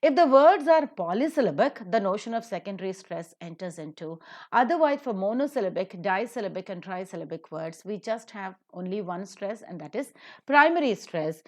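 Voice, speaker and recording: A woman gives a recorded lecture on word stress. Her voice is medium in pitch but very lively, swinging up on the example words. She speaks carefully and sets each example word apart with strong stress. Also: normal speed. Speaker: English teacher.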